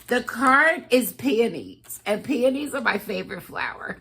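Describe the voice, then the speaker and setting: A woman chatting to camera as a cross-stitch vlogger, gushing and excitable as she talks straight to her viewers. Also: medium pitch, normal speed, few pauses, breathy edge. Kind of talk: casual chat to camera.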